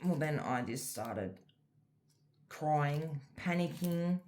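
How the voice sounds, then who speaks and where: A woman's voice: low voice, lively intonation, slow pace, a little mellow, a little hiss or hum. A middle-aged Australian woman chatting casually as a crafting vlogger, rambling through a personal story with many fillers. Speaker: diamond art vlogger. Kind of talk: casual chat while crafting.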